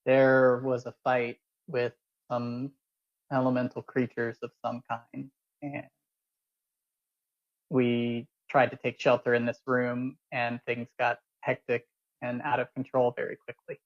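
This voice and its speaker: A man playing in a tabletop game, speaking in an earnest, halting way. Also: mid-range voice, completely flat delivery, highs cut off. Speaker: player. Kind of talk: tabletop role-play.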